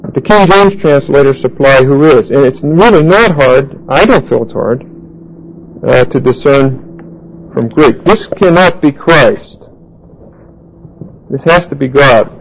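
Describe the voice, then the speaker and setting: Gravelly man teaching Bible Greek. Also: mid-range voice, animated, a little hiss or hum, rough recording. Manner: deliberate, explanatory, spells out Greek words, writes on a board. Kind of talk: Bible study lecture.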